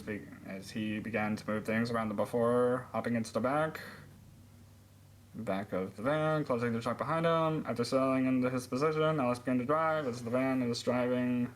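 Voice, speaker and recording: A man's voice: medium pitch, a little hiss or hum, low-quality recording. A man reading a friend's story aloud in a casual comic way, often laughing and tripping over lines. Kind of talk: comic read-aloud with put-on character voices.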